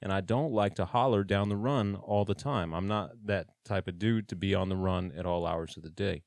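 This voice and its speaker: A man's voice: deep voice, moderate pace, gravelly, a little mellow, no echo, clean studio sound. A man casually telling his own story in a blunt, plain-spoken way, with swearing and slang.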